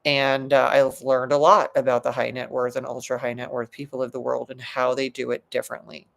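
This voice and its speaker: A woman's voice: extremely low pitch, level tone, brisk, vocal fry. A middle-aged woman, a psychologist and coach, giving a motivational talk in an earnest, emphatic way, often restarting her sentences.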